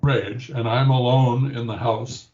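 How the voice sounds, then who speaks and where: A man's voice: mid-range voice, steady tone, a little slow, darkish tone, lo-fi sound. An older man, a grandfather, reflectively telling a personal story in an interview and acting out the quoted voices. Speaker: interview guest, patient.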